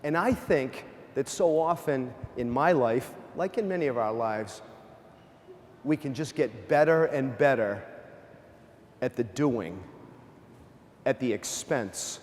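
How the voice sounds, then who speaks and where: A parish priest delivers a conversational, humorous sermon in a church, often checking in with the congregation and asking them questions. He's an animated storyteller with a mid-range voice who speaks slowly, with long pauses, and the large hall carries his words.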